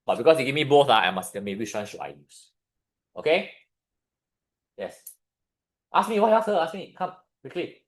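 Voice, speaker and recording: A man with a Singaporean English accent leads a chemistry revision lesson, his pitch swinging widely as he explains. He keeps turning questions on the class and waits for replies. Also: sing-song. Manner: questions the class, pausing for answers. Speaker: chemistry tutor.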